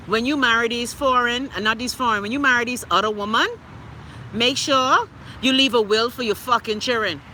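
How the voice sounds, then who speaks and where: A Bahamian woman hosting a live stream, reading viewers' comments and ranting loudly and profanely. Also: fairly high pitch, a little hiss or hum. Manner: loud, profane, exclaiming ranting. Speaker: livestream host.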